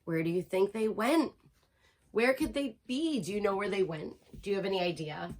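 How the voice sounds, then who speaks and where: A woman reading a picture book aloud to children, expressive and asking listeners questions, heard from a distance. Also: medium pitch, moderate pace. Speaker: storyteller.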